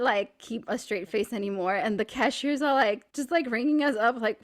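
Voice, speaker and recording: A woman co-hosting a podcast, telling a personal story in casual chat, saying "like" a lot and getting animated and laughing as she goes. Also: a little high, moderate pace, hardly any pauses. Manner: chatty, fills speech with "like"; animated and laughing while retelling stories. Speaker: podcast co-host.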